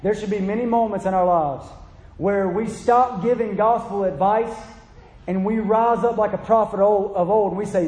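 A man's voice: high voice, moderate pace, darkish tone. A man preaching a sermon with passion, pleading with listeners and acting out quotes. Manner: impassioned, pleading, acts out quotes. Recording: echoey hall.

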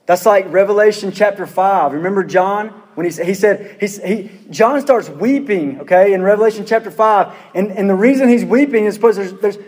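A man's voice: sits high, a little mellow, big-room sound. A man preaching a sermon as pastor, earnest and full of rhetorical questions, repeating his phrases for emphasis.

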